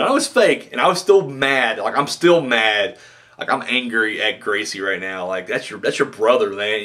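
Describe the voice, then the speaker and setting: Male reviewer, casual rambling monologue, raised voice with wild swings, profane and excitable. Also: high-pitched. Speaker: wrestling reviewer.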